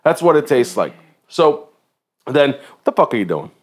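A man in casual podcast talk with a middle-range voice. He tells his story in a lively, profane, rambling way. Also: mid-range voice, moderate pace, husky. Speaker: podcast co-host. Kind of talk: casual chat.

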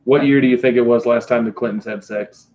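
A man's voice: mid-range voice, steady tone, brisk, darkish tone. A man on a casual podcast, tossing out short, crude, teasing remarks. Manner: short teasing interjections, laughs along. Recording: slightly dull lo-fi mic.

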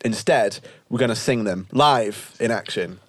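A man's voice: on the low side, a little slow, fairly bright tone, no room sound. A young man hosting a casual podcast chat, teasing his friends and laughing often. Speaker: podcast host.

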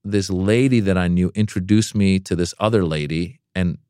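A comedian, a man, telling a story in a lowish voice, recorded close and dry. He is animated and acts out the people in the story, with sudden jumps up into high, excited voices. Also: moderate pace, smooth, dry recording. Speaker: comedian guest. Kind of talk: casual storytelling interview.

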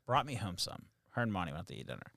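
A man's voice: low voice, quick pace, creaky, dry recording, clean studio sound. A man in his thirties telling stories in a casual chat, acting out quotes and laughing often. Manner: animated storyteller, acts out quotes, laughs often.

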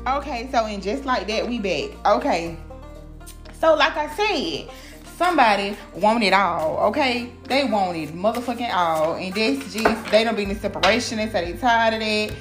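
A woman doing a casual tarot reading, animated and profane, talking straight to her viewers. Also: medium pitch, normal speed, over music. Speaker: tarot reader. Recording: echoey room with clear background noise.

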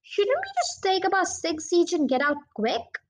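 A careful young boy from a children's story, asking worried questions, as a woman reads his lines. The voice is high and light. He sounds uneasy throughout. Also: very animated, moderate pace.

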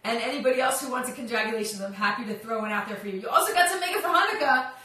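A woman's voice: fairly high pitch, expressive, racing, pushed and bright, far from the mic. A woman hosting a casual live-stream chat as a drag coach, bubbly and sing-song, greeting her viewers by name. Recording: echoey room, voice off-mic.

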